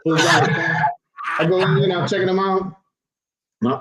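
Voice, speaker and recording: An older man, a physician and guest, chatting casually and telling an animated anecdote in which he acts out other people's voices. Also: on the high side, fast. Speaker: physician and cigar company founder, guest. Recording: echoey, dull-sounding room.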